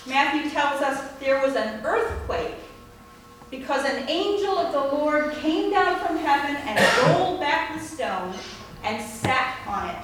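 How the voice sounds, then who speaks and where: High-voiced woman preaching in an echoey church. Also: animated, a little slow, a bit bright, far from the mic, faint music behind. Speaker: priest. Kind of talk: sermon.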